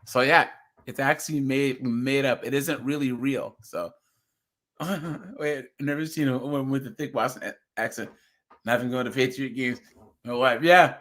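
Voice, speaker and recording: A man hosting a casual reaction chat, animated and rambling, often laughing. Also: mid-range voice, moderate pace. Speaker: host.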